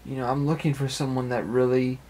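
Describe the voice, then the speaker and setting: A man's voice: medium pitch, flat delivery, a little fast, darkish tone. A young man talking at length in an earnest, rambling personal monologue, repeating phrases as he goes, recorded in an apartment. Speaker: amateur web radio speaker.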